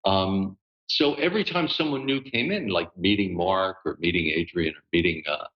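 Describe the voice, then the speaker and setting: A man in his sixties, a voice actor, telling stories in a relaxed interview with many fillers and laughs. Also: low voice, moderate pace, lo-fi sound. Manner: animated, laughing storyteller with lots of fillers. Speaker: guest voice actor. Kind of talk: casual interview storytelling.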